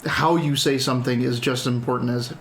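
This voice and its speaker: A man's voice: medium pitch, fairly even intonation, fast talker, background noise. Man running a tabletop game. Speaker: dungeon master.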